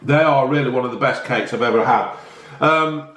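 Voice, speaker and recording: A man's voice: mid-range voice, moderate pace, fairly bright tone, echoey room. A man, chatting enthusiastically as a casual food review vlogger, often talking while eating.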